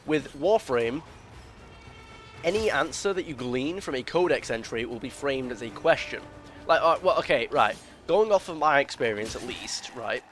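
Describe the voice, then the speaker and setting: A man's voice: mid-range voice, expressive, unhurried, fairly bright tone, soft background music. A man giving casual gameplay commentary, rambling and opinionated, full of restarts and filler words. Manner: opinionated, explains at length. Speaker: gaming video creator.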